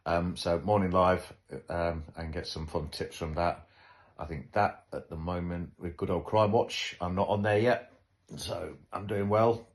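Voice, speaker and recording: Deep-voiced male host, casual chat, dry self-mocking humour. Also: fairly even intonation, a little slow. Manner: wry, joking, self-deprecating. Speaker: podcast host.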